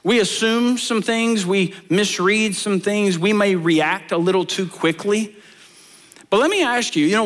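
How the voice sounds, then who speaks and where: A pastor preaches a sermon in a high voice, speaking conversationally to the congregation. He asks rhetorical questions and tells lively stories with animated delivery.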